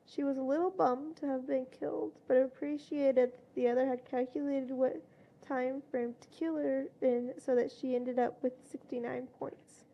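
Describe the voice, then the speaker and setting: A woman reading a fanfiction story aloud in a plain storytelling way, with louder voices for quoted shouts. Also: high voice, steady tone, moderate pace, highs cut off. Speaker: fanfiction reader.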